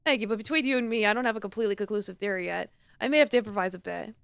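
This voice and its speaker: A woman voicing a hesitant young male defense lawyer with amnesia in a game, in a plain, quick way. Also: medium pitch, creaky, fairly bright tone, clean tone, no echo, pitched below the performer's own voice. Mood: unsure.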